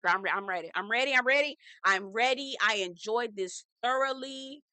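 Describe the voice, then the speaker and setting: A woman recapping a reality show in a sassy, profane, gossipy way, acting out quotes with animated flair. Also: medium pitch, normal speed, no room sound. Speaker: reality TV reviewer. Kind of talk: casual recap vlog.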